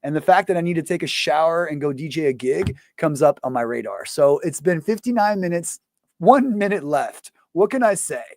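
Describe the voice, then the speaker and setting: A man's voice: on the high side, animated, normal speed, darkish tone, a little hiss or hum. Profane, rambling male show host. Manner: profane, rambling, full of fillers. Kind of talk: casual ranting monologue.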